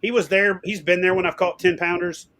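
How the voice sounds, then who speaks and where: A middle-aged man telling fishing stories in a casual interview, animated and swearing, acting out what people said. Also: sits high, fairly quick. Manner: animated, swearing, acts out quotes loudly. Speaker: guest.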